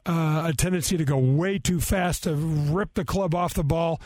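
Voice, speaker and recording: A man in his fifties rambles through a funny, self-mocking anecdote, full of restarts and "uh"s. His voice sits a bit high, recorded close and dry with no room sound. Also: normal speed, darkish tone, no echo. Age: 50s. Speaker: co-host, former golfer. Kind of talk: casual storytelling chat.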